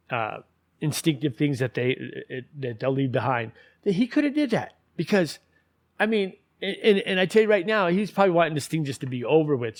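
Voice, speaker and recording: A man ranting in casual commentary, heated and profane, rambling with many restarts. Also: a little high.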